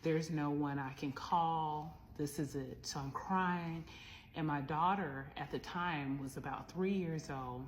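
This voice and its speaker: A middle-aged woman tells a personal story from her life. Her voice sits low, and she takes her time. She speaks in a heartfelt, reflective way and breaks in with small asides. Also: slow, slight background noise. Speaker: vlogger.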